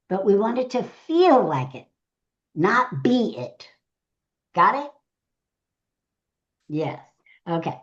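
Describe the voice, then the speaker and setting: A woman's voice: mid-range voice, sing-song, drawn-out words, pauses often, highs cut off. A middle-aged woman, a speaker trainer, teaching a live session, going through numbered tips and repeating each key phrase.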